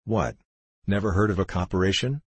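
A man's voice: low-pitched, fairly quick, husky, no room sound. A man voicing a queer, folksy old male hatter in a storybook reading. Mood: indignant. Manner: folksy, says ain't.

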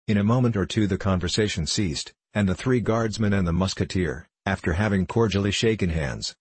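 A man narrating an audiobook in a steady, measured reading style. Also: deep voice, slightly rough, no echo. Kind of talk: scripted narration.

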